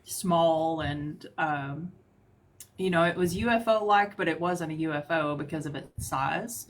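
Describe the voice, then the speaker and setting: A woman's voice: low-pitched, unhurried. A woman hosting a live call-in stream about paranormal stories, talking casually with a lot of hesitant fillers. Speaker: livestream host. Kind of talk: casual livestream chat.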